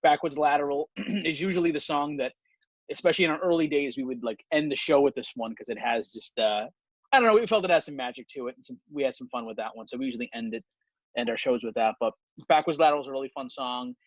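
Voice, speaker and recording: Male podcast host, loose rambling talker, medium pitch, dry muffled recording. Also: fast, no room sound. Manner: rambling with many ums. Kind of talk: casual chat. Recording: dull dry lo-fi sound.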